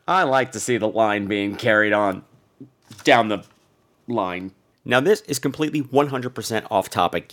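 A man hosting a podcast, telling a story in an animated, profane way in a casual monologue. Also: medium pitch. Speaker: podcast host.

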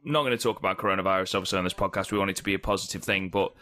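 Sarcastic bright-voiced man, thirty. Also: deep voice, steady tone, rapid-fire. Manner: sarcastic, joking. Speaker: podcast co-host. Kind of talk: casual chat watching wrestling.

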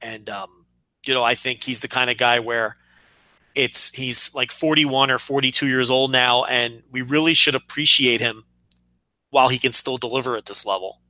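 A man's voice: medium pitch, steady tone, moderate pace, sharp tone, no echo. A man co-hosting a wrestling podcast, talking casually and repeating words as he gathers his thoughts. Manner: rambling, repeats words while thinking. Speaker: podcast co-host. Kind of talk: casual chat.

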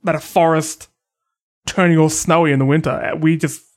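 A man's voice: a little high, steady tone, normal speed. An Australian man hosting a casual podcast chat, asking jokey questions and teasing his guest. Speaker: podcast host.

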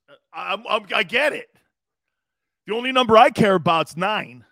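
This man's high-sitting voice is animated, creaky, and sharp, moving at a moderate pace on a dry recording. Hosting a sports talk show, the East Coast US man is brash and jokey, riffing casually, reading chat comments aloud, and laughing often.

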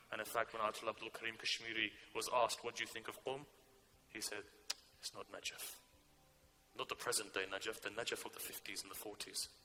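A man preaching a sermon, telling a story whose quieter passages drop low and soft. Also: creaky, a little hiss or hum.

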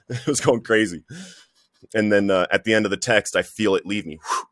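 Earnest low-voiced man telling his story. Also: fairly quick, fairly bright tone. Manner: earnest, emotional storytelling, says "bro" often. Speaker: guest sharing recovery story. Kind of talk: personal testimony in conversation.

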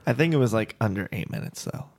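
Easygoing male podcast co-host, lowish voice, casual chat. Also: expressive, quick pace, vocal fry, darkish tone.

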